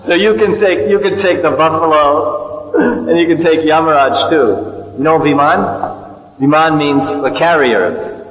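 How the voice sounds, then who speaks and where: A man's voice: on the high side, fairly bright tone. Man giving a sermon in an echoey hall. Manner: storytelling, explains terms, asks listeners questions. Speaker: spiritual teacher. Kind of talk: sermon on scripture. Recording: echoey hall, dull lo-fi sound.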